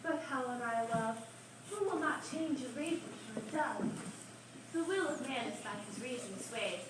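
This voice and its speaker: Woman as young nobleman in love: earnest, declaiming, high; far-off hall mic. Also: lively intonation, normal speed. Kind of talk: amateur stage acting. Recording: echoey stage recorded from far off, noisy.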